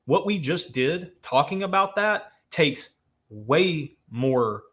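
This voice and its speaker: A man's voice: on the high side, animated, takes it slowly, a bit bright. Earnest man co-hosting a livestream. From Nashville, Tennessee. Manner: earnest, emphatic, reads donor comments aloud. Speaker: livestream co-host. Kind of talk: casual livestream chat.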